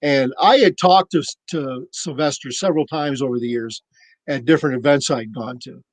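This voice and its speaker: A man on a podcast telling a casual, animated story and acting out the voices of the people in it. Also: medium pitch, normal speed, dry recording, low-quality recording. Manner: animated anecdote-teller, acts out quoted voices. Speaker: podcast cohost.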